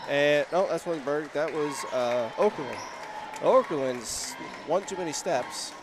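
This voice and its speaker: A man calling a local high school basketball game play-by-play, chatty and getting louder on big plays. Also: lively intonation, unhurried, background noise. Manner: chatty, rises in pitch and volume on big plays. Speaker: play-by-play announcer. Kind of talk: play-by-play commentary.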